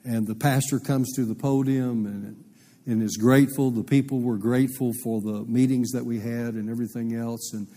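A man pastor tells a folksy, rambling story from the pulpit. His voice is mellow and a bit husky. A long church reverb trails each phrase. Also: mid-range voice, fairly even intonation, moderate pace. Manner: rambling, folksy anecdote with many fillers. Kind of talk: storytelling sermon.

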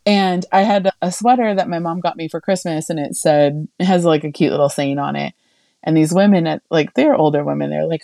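A young woman on a podcast tells a story in a chatty, animated way, and she leans on "like" constantly. Her voice sits low and mellow. It is recorded dry and close. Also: brisk, vocal fry, no echo. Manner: chatty, animated, heavy use of "like". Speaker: podcast co-host. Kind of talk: casual storytelling chat.

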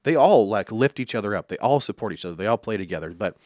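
A man's voice: on the low side, expressive, quick pace, darkish tone, dry recording, studio quality. A young man from Iowa, a country musician, telling stories in a casual interview, rambling with fillers and restarts. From Iowa, USA.

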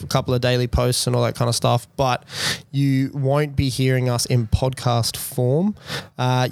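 A man's voice: medium pitch, clean tone, no room sound. A young man co-hosting a podcast, chatting casually with jokey banter. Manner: laid-back, jokey banter. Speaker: podcast co-host. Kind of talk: casual chat.

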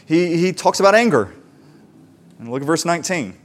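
Man, pastor, higher-pitched voice, relaxed conversational sermon, animated storytelling. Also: moderate pace. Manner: conversational preaching with fillers and animated retellings.

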